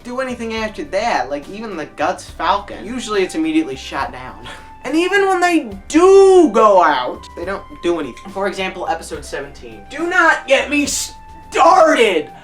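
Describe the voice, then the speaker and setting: Woman, video reviewer, lively swooping pitch, ranting exclamations, faint music behind. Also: normal speed. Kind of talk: opinionated review monologue.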